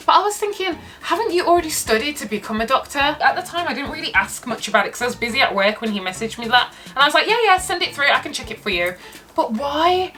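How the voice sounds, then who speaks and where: A woman's voice: a little high, bright, forceful tone. A young woman telling a dating story on her vlog, sassy and exasperated as she recounts it. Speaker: vlogger.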